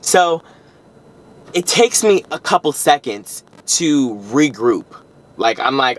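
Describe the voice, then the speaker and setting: A young man telling a story on his vlog, rambling and animated, with frequent restarts and self-corrections. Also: medium pitch, unhurried. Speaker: vlogger.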